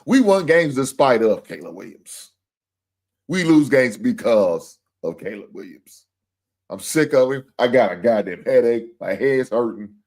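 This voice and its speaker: Man, sports show host, profane heated rant, lively swinging pitch, talks straight to viewers. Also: measured pace, creaky. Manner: profane, heated, venting about his team's loss; addresses viewers and super chat senders directly.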